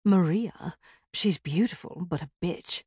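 A woman's voice: fairly low pitch, measured pace, darkish tone, husky, dry recording. A woman voicing a wry, teasing young female friend with dry humor.

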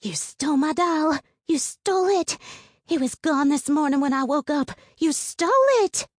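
Woman playing a shrill, spiteful schoolgirl. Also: expressive, takes it slowly, dry recording, studio quality. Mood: screaming. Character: spoiled, spiteful schoolgirl accuser.

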